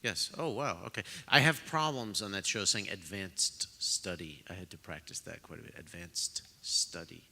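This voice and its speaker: A man hosting a live pre-concert talk, joking at his own expense and pausing often with fillers. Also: low-pitched, sing-song, vocal fry, bright, forceful tone. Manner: self-deprecating, joking, halting with fillers. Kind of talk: casual live talk to an audience. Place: concert hall. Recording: long reverb of a concert hall.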